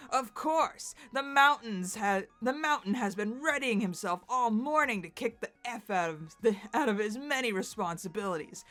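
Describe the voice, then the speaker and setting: A woman voicing a big, boastful male buck with a Southern drawl and a booming, hearty manner in a dramatic webcomic read-aloud. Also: a bit bright. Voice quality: hearty chuckle, booming bravado. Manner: grandiose, speaks of himself as "the mountain".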